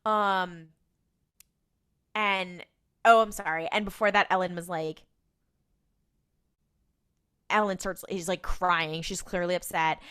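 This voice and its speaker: A woman's voice: lowish voice, fairly even intonation, slow, long pauses, a bit bright, clear, resonant tone. A woman co-hosting a podcast, casually recapping an episode in a chatty way and acting out characters' lines. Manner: chatty storyteller who acts out lines. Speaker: podcast co-host.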